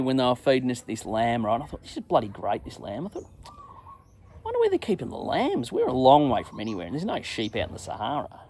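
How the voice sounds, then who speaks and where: A middle-aged man hosting his own show, telling a crude, self-mocking travel story in a casual monologue and acting out his own shouts. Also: mid-range voice, slight background noise. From England. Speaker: podcast host.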